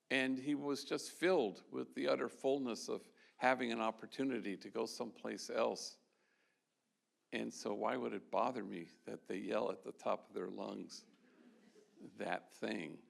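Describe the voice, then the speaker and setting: A man's voice: mid-range voice, fairly even intonation, a little slow, vocal fry, pauses often. A man, a Jesuit priest, giving an award talk to an audience, telling stories in a loose, conversational way with frequent restarts. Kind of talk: storytelling speech to an audience. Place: event hall with a live audience.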